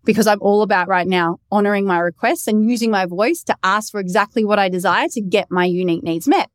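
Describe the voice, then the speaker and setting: A young Australian woman hosting a podcast and coaching, telling a story in a lively, expressive way and swearing freely. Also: mid-range voice, fast, no echo, studio quality. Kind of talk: casual storytelling monologue.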